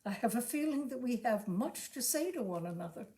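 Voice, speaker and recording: A woman voicing a bashful, smitten young gentleman who simpers and trembles. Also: on the high side, animated, a little fast, lightly acted. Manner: simpering, tremulous.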